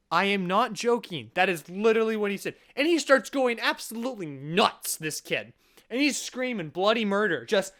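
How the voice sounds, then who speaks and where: A young man tells a funny personal story to his viewers in a bright, clear voice. He is animated and sarcastic, often tripping over his words and restarting his sentences as he jokes along. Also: high-pitched, normal speed. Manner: animated, sarcastic, jokey with frequent self-interruptions. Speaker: vlogger. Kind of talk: storytime vlog.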